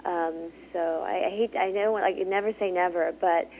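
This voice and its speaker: A woman author chats as a guest over a tinny phone line, with faint hiss behind her. She talks in loose, searching sentences full of fillers, laughs often, and her voice carries some gravel. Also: fairly low pitch, fairly even intonation, normal speed. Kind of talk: casual interview talk.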